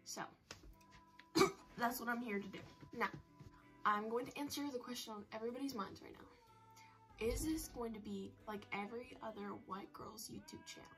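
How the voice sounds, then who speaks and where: A woman's voice: on the high side, moderate pace, long pauses, a bit bright, soft background music, poor audio. A teenage girl chatting to camera on a phone for her vlog, rambling and poking fun at herself. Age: teens. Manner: rambling, self-mocking, chatty. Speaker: vlogger. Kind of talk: casual chat to camera.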